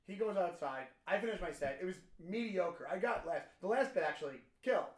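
A man co-hosting a podcast, telling a story in casual chat, animated and swearing as he acts out what people said. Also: sits high, fairly quick, echoey room. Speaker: podcast co-host, comedian.

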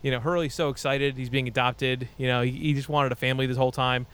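A young adult man recapping a movie in a rambling, comedic way, full of fillers and quick character voices. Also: medium pitch, fairly even intonation, a bit bright, clean tone. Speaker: podcast host recapping a movie.

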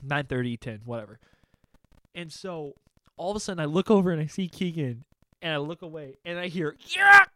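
A man's voice: on the high side, brisk, darkish tone, dry recording. A young man telling a funny story in casual chat, acting out his friends' voices and laughing often.

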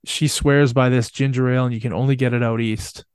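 A man's voice: mid-range voice, steady tone, brisk, a little mellow, clean tone, no echo, studio quality. A man chatting casually in an easygoing way, rambling and trailing off mid-sentence. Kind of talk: casual chat.

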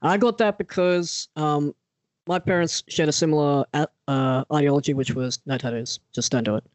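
A man telling a personal story in casual chat as a podcast co-host, animated and acting out the people he quotes. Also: fairly high pitch, normal speed, dry recording. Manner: animated, acts out quoted voices.

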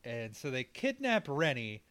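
A man co-hosting a casual podcast, recapping a film's plot with jokes and quick comic impressions of the characters. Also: medium pitch, huge pitch swings, fairly bright tone, dry recording. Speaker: podcast co-host. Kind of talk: casual movie recap banter.

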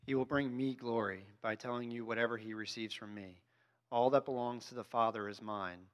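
A man reading a scripture passage aloud in a slow, steady way. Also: mid-range voice.

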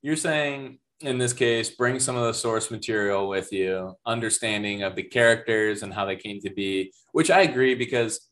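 A man's voice: lowish voice, moderate pace, few pauses, a bit bright. A man co-hosting a casual movie review chat, thoughtful and asking his partner questions. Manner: thoughtful, asks questions, laughs easily. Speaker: podcast co-host.

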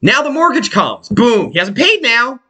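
A man's voice: extremely high pitch, moderate pace, husky. A man telling a long personal story in casual chat, swearing freely and acting out what people said. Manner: animated, profane, acts out quotes.

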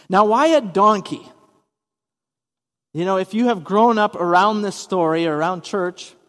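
A man's voice: sits high, long reverb tail. A man preaching a sermon as pastor, explaining scripture in a conversational way with casual asides.

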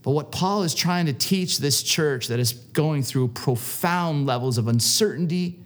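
A male preacher with a slightly higher voice delivers a sermon. He tells stories earnestly, stumbles and repeats words as he builds his point. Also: measured pace. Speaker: pastor.

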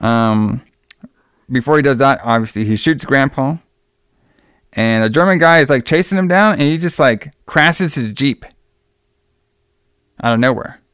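A young man casually recapping a film plot in loose, profane talk, slipping into quick voices for the characters. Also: medium pitch, a bit bright, smooth, no room sound, studio quality. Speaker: podcast co-host recapping a movie.

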